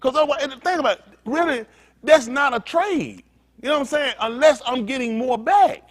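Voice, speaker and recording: A very high-pitched man speaks briskly, preaching a sermon as pastor to a synagogue congregation. He addresses them directly in a joking, conversational manner.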